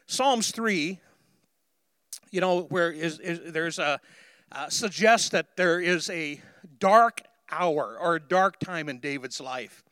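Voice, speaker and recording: A man's voice: on the high side, slow, sharp tone, clean tone, no room sound, studio quality. A male pastor preaching a sermon in a conversational way that builds to emphatic declarations.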